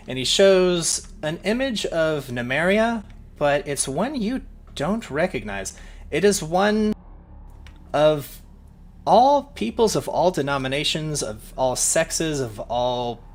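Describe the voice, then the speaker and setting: Man running a tabletop game, casual. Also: medium pitch. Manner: casual, rambling, with fillers. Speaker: game master.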